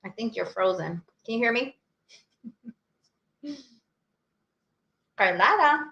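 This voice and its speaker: High bright woman podcast host, earnest and encouraging, echoey room on a call. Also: lively intonation, slow pace, gravelly, lo-fi sound. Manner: earnest, encouraging, laughs often. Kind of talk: casual chat. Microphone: video call.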